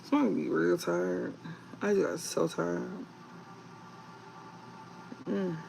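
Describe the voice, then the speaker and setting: Calm, gravelly young man streaming live. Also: slow pace, slight background noise, low-quality recording. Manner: calm, low-key talk with slang and frequent laughs. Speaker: tarot reader on a live stream. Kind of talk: casual live-stream chat.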